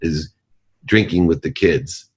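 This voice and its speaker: A man with a very low, deep voice speaks as a podcast guest. He tells a life lesson in an earnest, emphatic, almost preacher-like way. He sounds like a driven executive in his forties. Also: slow pace, slightly rough. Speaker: guest, company CEO. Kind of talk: motivational storytelling in a podcast interview.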